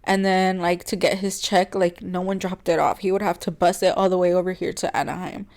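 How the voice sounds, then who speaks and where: A woman's voice: on the low side, flat delivery, fairly quick. A young woman, co-hosting a podcast and telling a personal story in a chatty way, full of "like" fillers and frequent laughs. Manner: chatty, heavy "like" fillers, laughs often between words; earnest and open, turning quiet on painful parts. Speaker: podcast co-host.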